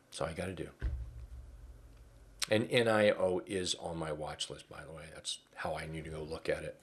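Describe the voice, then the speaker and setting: A man's voice: a bass voice, little pitch movement, moderate pace, breathy edge. A man presenting a live trading webinar, talking casually with fillers and repeating key phrases for emphasis.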